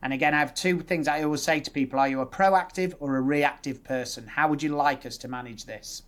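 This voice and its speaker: A male dentist with a Yorkshire accent explaining his methods in a podcast conversation, laying out options in steady lists. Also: fairly high pitch, fairly quick. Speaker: dentist guest.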